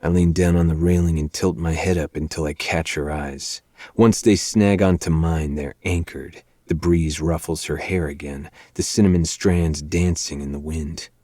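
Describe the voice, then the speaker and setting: A man hosting a podcast, reading a dark romance novel aloud in a low, measured first-person narration. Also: fairly even intonation, no echo, studio quality. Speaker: podcast host.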